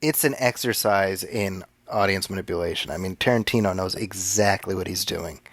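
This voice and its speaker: A man's voice: low voice, dry recording. A man co-hosting a podcast, casually discussing a movie, agreeing readily and laughing at the darker jokes. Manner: chatty, agreeable, quick laughs. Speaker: podcast co-host.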